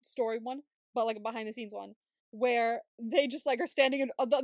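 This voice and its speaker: A woman's voice: fairly high pitch, fairly even intonation, fast talker, no room sound, studio quality. A woman co-hosting a podcast, chatting casually and animatedly about a series, swearing freely and acting out the characters. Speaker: podcast co-host. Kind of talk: casual recap chat.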